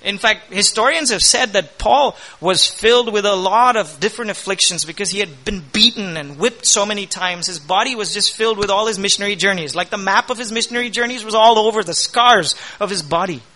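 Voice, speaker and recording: Male pastor, middle-aged, high voice, bright tone, energetic preaching. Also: fairly quick, hardly any pauses. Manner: energetic preaching with rising emphasis and quoted scripture. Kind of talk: sermon.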